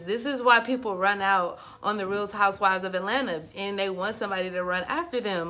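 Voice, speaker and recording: A woman's voice: medium pitch, expressive, brisk, few pauses, pushed and bright. Chatty woman telling a storytime. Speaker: vlogger. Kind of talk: casual storytime.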